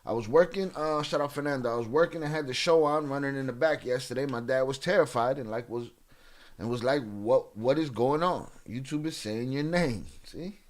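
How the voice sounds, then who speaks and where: A man hosting a live stream in a casual, slangy, laid-back way, giving shout-outs to viewers. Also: medium pitch. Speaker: livestream host.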